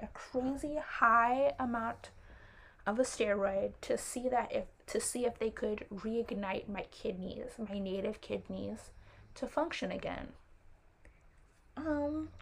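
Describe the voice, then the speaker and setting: A woman's voice: a little high, gravelly. A young woman telling a personal story to camera in a casual, rambling way, drifting into tangents with apologetic, playful asides. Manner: chatty and animated, with playful asides. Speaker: vlogger.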